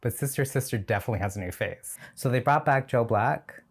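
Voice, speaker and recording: A man's voice: mid-range voice, fairly quick, vocal fry, breathy edge. A man hosting a reaction video, talking casually and sardonically and laughing often.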